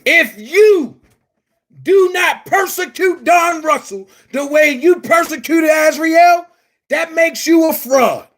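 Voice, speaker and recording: A man delivering a heated, profane rant to his viewers, shouting at times. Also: very high-pitched, slow pace. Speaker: commentary vlogger. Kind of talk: angry rant to camera.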